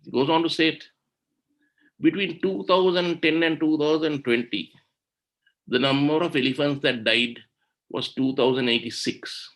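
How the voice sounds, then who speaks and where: A man's voice: on the high side, steady tone, moderate pace, long pauses, a bit bright. A man giving an impassioned webinar talk on environmental law, indignant and full of rhetorical questions, over a video call. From Sri Lanka.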